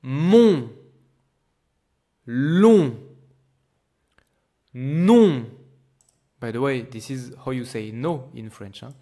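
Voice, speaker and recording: A man's voice: mid-range voice, steady tone, normal speed, hardly any pauses, a little mellow. A man teaching pronunciation, patiently exaggerating each sound for the learner. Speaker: language teacher. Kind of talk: pronunciation lesson.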